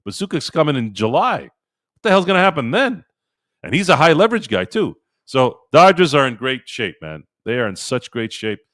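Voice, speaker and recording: A middle-aged man hosting a casual sports live-stream, excitable and animated, answering viewers in chat. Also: mid-range voice, normal speed, dry recording, studio quality. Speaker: sports podcast host.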